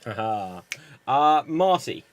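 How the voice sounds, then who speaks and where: A man hosting an online improv comedy show, explaining the games in a brisk, upbeat way. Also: mid-range voice, big pitch swings, highs cut off.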